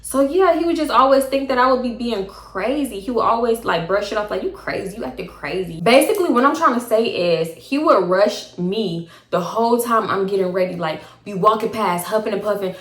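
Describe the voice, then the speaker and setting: Animated young woman telling a story. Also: on the high side, a little fast, hardly any pauses. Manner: animated, slangy, acts out both sides of arguments. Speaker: storytime vlogger. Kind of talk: casual storytelling to camera. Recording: echoey room.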